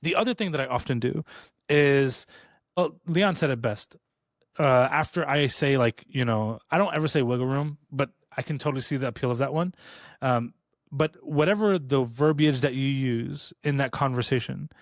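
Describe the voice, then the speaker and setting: A man co-hosting a podcast, telling stories in a casual chat. He talks fast and rambles with restarts, and he acts out quoted lines in a raised voice. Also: mid-range voice, no echo, clean studio sound. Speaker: podcast co-host. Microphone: studio podcast mic.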